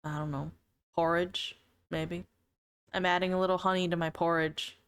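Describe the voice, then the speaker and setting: A woman's voice: fairly low pitch, level tone, normal speed, a bit bright, clear, resonant tone. A woman streamer in casual live-stream chat with viewers, playful and teasing, laughing often between remarks.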